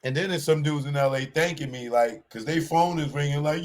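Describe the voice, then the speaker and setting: A man hosting a show, giving a casual commentary monologue in animated street talk and repeating his warnings. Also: a little high, brisk, few pauses. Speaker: show host.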